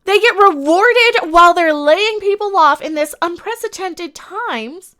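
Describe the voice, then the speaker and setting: Female streamer, high, sharp voice, angry indignant commentary, repeats lines, swears. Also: expressive, measured pace. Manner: swears while ranting. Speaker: streamer host. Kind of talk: live-stream commentary rant.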